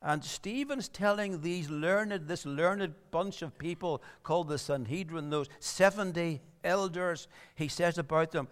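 A man's voice: a little high, unhurried, hardly any pauses, clean tone, in a large hall. A man preaching a sermon, earnest and rising to emphatic appeals.

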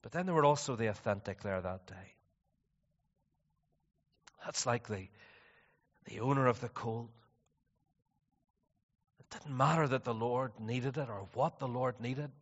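A man preaching a sermon, moving between quiet, reflective passages and loud, animated stretches. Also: medium pitch, unhurried, long pauses. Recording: dull, slightly distant sound with long reverb.

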